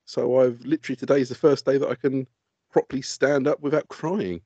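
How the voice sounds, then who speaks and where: A man's voice: medium pitch, steady tone, brisk, dark tone, husky, dry recording. A man co-hosting a casual comedy podcast, ranting and swearing with frequent giggles. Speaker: co-host. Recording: dull lo-fi, dry sound.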